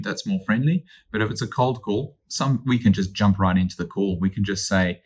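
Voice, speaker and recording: A man, a real estate agent teaching cold calling in an upbeat, energetic way that acts out phone calls. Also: lowish voice, normal speed. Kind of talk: instructional talk.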